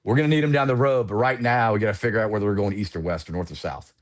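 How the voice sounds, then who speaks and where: A man in his forties, a retired Air Force pilot, telling war stories casually as a podcast guest, animated and full of "you know" fillers. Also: lowish voice, racing.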